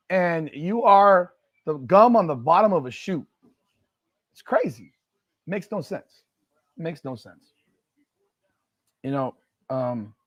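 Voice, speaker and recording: A man's voice: high voice, no echo. A man hosting a live football watch party, reacting to plays and ranting about rankings. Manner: excitable sports fan talk with repetitions, shouting at plays. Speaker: host of a sports live stream.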